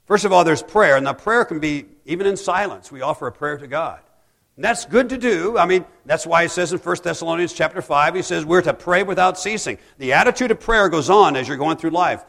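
A man preaching a sermon as a pastor, rising to loud pleading cries and dropping to hushed, soft passages. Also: on the high side, lively intonation, fairly quick, gravelly, big-room sound.

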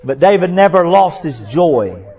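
A male pastor preaching a sermon, impassioned and repetitive, swinging from loud to hushed. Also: a little high, big pitch swings, unhurried, breathy edge. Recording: dull lo-fi sound.

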